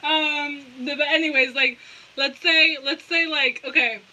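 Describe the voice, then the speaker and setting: A woman's voice: sits high, steady tone, a little slow, sharp tone, rough recording. A young woman giving a casual tarot reading, rambling in slangy, profane talk and often breaking into giggles. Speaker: tarot reader.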